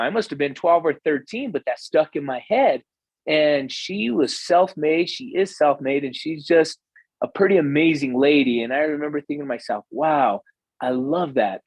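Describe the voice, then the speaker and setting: Poor audio with no room sound carries this U.S. real estate investor's fairly high, slightly mellow voice. A guest on a podcast, he reflects aloud while recounting heartfelt personal stories in conversation, using a few fillers along the way.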